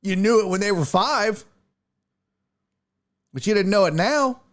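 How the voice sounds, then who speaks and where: A man's voice: sits high, expressive, measured pace. Brash, profane man hosting sports talk. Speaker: sports podcast host. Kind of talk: casual sports talk show.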